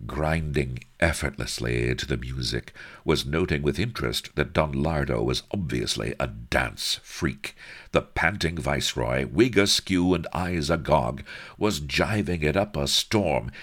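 A man reads the story aloud with an extremely deep, gravelly voice and a slow, unhurried pace. His delivery is wry and mock-heroic, rising and falling widely for effect. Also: lively intonation, fairly bright tone. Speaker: narrator. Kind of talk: dramatic audiobook narration.

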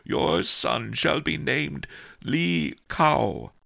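A man's voice: fairly high pitch, very animated, extremely slow, vocal fry, fairly bright tone, no room sound, clean studio sound, pitched above the performer's own voice, heavily acted. A man reading an audiobook, voicing a pious elderly male abbot who speaks formally through tears. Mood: solemn tearful. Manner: solemn, formal blessing speech. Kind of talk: audiobook character voice.

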